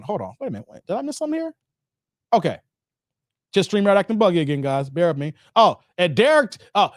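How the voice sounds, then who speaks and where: Animated man doing live stream commentary. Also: extremely high pitch, no room sound, clean studio sound. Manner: animated, laughing, playful banter with chat.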